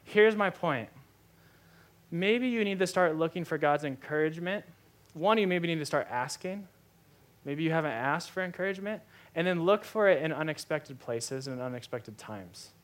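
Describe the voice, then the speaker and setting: Young adult male pastor with a somewhat high voice. Gives a casual, story-driven sermon with lots of fillers. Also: animated, moderate pace. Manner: storytelling, conversational with many fillers.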